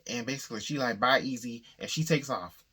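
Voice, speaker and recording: A man walks through a novel's plot in an easygoing, conversational tone, like a book channel host talking to his viewers. He tells it loosely and briefly slips into the characters' quoted lines as he goes. His voice sits at an ordinary middle pitch for a man. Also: quick pace, a bit bright, husky. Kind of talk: casual plot summary.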